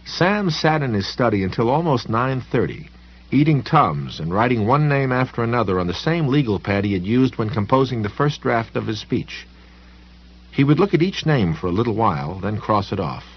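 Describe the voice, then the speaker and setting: Male audiobook narrator, husky voice, animated pitch, measured delivery. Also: muffled recording. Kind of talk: scripted narration.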